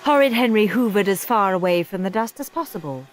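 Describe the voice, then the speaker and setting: A woman narrating a children's storybook in an expressive reading voice. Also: mid-range voice, a little fast. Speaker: audiobook reader.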